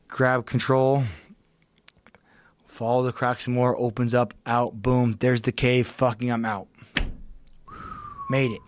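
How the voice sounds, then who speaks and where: A man's voice: medium pitch, level tone, takes it slowly, long pauses. A man with a mid-range voice tells a gripping story, profane, blunt and urgent. His voice jumps up sharply when the tension peaks. The recording is dry and close, with no room echo. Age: adult with a young child. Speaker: podcast guest. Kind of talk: intense storytelling in a long-form podcast.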